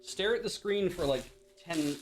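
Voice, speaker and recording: A man's voice: high voice, expressive, a little slow, slight background noise. Rambling man hosting a stream. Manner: rambling, self-mocking, swears casually. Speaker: livestream host. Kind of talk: casual chat while unboxing and playing games.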